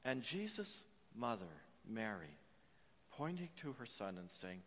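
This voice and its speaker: A man preaching a sermon as pastor, telling a story with frequent "uh" fillers and swinging between hushed and emphatic delivery. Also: mid-range voice, very animated, a little slow. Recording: long reverb of a large hall.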